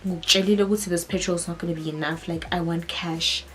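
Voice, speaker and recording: A woman's voice: lowish voice, fairly even intonation, fast, a bit bright, soft background music, close to an everyday voice. A woman with a South African accent voicing a hostile middle-aged male taxi driver who makes blunt, demanding statements.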